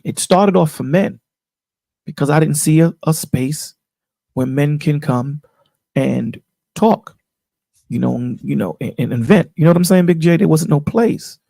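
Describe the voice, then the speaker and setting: Gravelly-voiced man preaching on a call. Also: fairly high pitch, mellow, no room sound. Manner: preachy, emphatic, repeats "you know what I'm saying". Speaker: channel host on a panel call. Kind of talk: casual chat.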